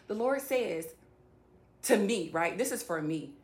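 A woman's voice: lowish voice, animated, fairly quick. Woman, faith vlogger, rambling casual chat to camera. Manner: chatty, rambling, addresses viewers directly.

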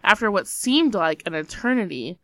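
Bright-voiced woman reading a spooky tale. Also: medium pitch, animated, moderate pace, no room sound. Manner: dramatic storytelling that breaks into nervous laughter. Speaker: podcast co-host. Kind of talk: reading a scary story aloud.

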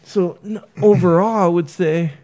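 A man's voice: high-pitched, fairly even intonation, unhurried, darkish tone. A man in casual conversation, rambling with many fillers and acting out the people he quotes. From San Diego area.

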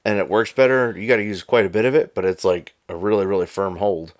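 A man's voice: lowish voice, fast, no echo, studio quality. A man co-hosting a podcast in casual chat, ranting with lots of swearing. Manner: profane, ranting, animated. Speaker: podcast co-host.

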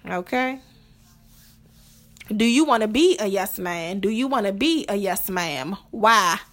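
A woman's voice: mid-range voice, expressive, measured pace, fairly bright tone. Blunt, profane woman podcaster. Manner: blunt, profane, rhetorical questions. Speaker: podcast host. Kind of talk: casual monologue on relationships.

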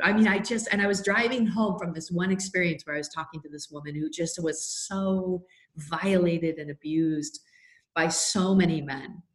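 A middle-aged woman speaking as a podcast guest, earnest and heartfelt, telling stories with plenty of "like" and "you know". Her voice sits a little low, and it rings with a noticeable roomy echo. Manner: earnest, heartfelt, with many fillers. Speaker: guest, faith leader and anti-trafficking advocate. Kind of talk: podcast interview, storytelling.

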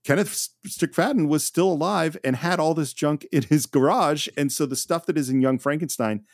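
A man's voice: a little high, moderate pace, no room sound, studio quality. A man hosting a podcast, chatting enthusiastically as he recaps an old film. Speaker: podcast host. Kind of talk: casual film discussion.

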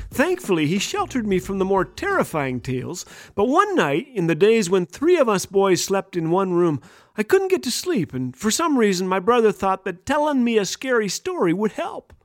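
Lively high-voiced man telling funny stories. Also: dry recording. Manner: lively, playful storyteller with a wide-ranging pitch. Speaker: radio show host. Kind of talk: humorous devotional storytelling. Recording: dry studio voice with faint music.

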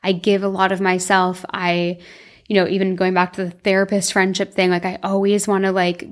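A woman's voice: mid-range voice, level tone, moderate pace. A young woman hosting her own podcast, talking casually and candidly, rambling with lots of fillers and laughing at herself. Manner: candid and self-deprecating, laughs often. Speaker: podcast host. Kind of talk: casual solo podcast chat.

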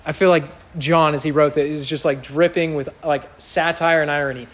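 A man's voice: fairly high pitch, steady tone, fairly quick. A man preaching a sermon in a conversational way, acting out quoted voices now and then. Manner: conversational, mocks voices when quoting.

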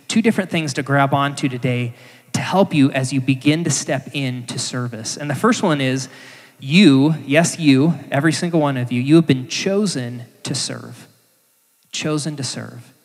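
A man preaching a sermon in a church, conversational and emphatic. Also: mid-range voice. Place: church sanctuary. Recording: echoey church hall.

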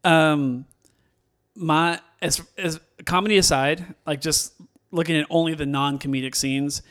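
Man for a casual podcast, higher-pitched, gushing, rambles with lots of fillers. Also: fairly even intonation, measured pace, a bit bright. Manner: enthusiastic, rambling with many fillers and restarts. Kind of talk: casual movie discussion.

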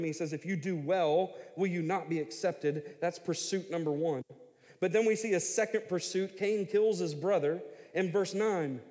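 A middle-aged man preaching as a pastor, telling the story with lively paraphrased voices. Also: high-pitched, long reverb tail. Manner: animated storytelling, voicing God and Cain in paraphrase. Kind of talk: sermon.

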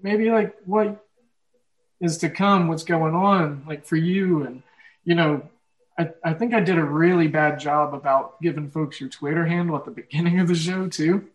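A man's voice: on the high side, normal speed, poor audio. Rambling Midwestern man hosting a casual chat. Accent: Midwestern, Oklahoma. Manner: rambling, filler-heavy, laughs often. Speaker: podcast host.

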